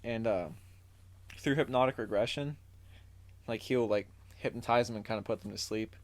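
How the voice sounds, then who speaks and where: A man's voice: medium pitch, moderate pace. A man co-hosting a podcast, telling a story in casual chat, loose and full of fillers as he reads through his notes. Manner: recaps from notes and reads quotes aloud. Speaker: podcast co-host.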